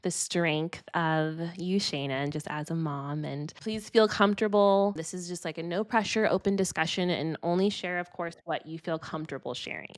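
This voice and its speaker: A woman's voice: fairly low pitch, normal speed, hardly any pauses, no room sound, studio quality. A woman hosting a podcast interview, giggly, peppering her talk with "like". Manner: warm, giggly, lots of "like". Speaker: podcast co-host. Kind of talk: casual interview.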